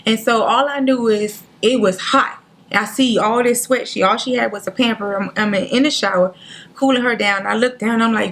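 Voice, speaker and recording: A woman, a guest on a talk show, telling a painful personal story in an earnest, halting way, near tears, acting out what others said. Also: on the high side, fairly bright tone. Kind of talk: emotional personal story in interview.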